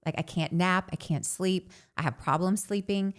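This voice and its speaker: A woman in her thirties, a podcast co-host, telling a candid personal story in an animated way and saying "like" often. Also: fairly low pitch, moderate pace.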